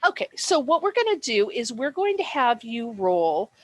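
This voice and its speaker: A woman's voice: on the high side, big pitch swings, moderate pace, no room sound. A woman acting as game master, explaining dice rules and describing the setting in a chatty way, with many fillers and self-corrections.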